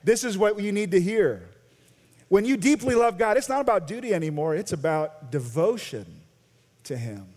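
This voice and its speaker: An American pastor with a high-pitched voice preaches to his congregation. His delivery is animated, rising to loud emphasis and dropping to quiet intensity. The sound rings with the long reverb of a large sanctuary. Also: normal speed. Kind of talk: sermon.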